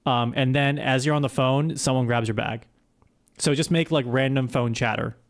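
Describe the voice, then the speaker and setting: A man streaming live, giving halting, hesitant instructions full of fillers. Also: medium pitch, steady tone. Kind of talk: casual live-stream chat.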